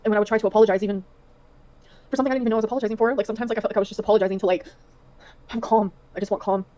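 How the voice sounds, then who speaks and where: A woman's voice: medium pitch, fairly even intonation, very fast, mellow. A woman streamer talking casually and reading messages aloud, played from a livestream clip.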